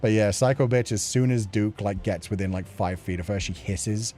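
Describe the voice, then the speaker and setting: A man's voice: lowish voice, normal speed, dark tone, a little hiss or hum. A man hosting a casual livestream chat show, rambling with lots of filler words and laughing often as he reads viewer messages.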